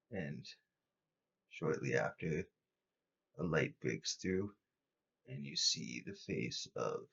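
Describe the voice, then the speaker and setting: A man running a tabletop horror game as host and game master, narrating with deliberate pauses. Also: low-pitched, vocal fry, breathy edge, highs cut off.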